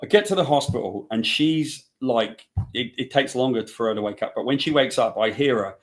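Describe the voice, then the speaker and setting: A man's voice: mid-range voice, a little fast. A man, a guest writer, telling a funny anecdote in casual chat, acting out the quotes. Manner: animated anecdote teller, acts out quotes. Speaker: guest, comic book writer.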